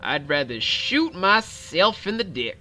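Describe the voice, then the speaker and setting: Bright-voiced, profane young male streamer. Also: high voice, unhurried. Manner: animated, profane and rambling. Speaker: game streamer. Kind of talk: casual livestream commentary.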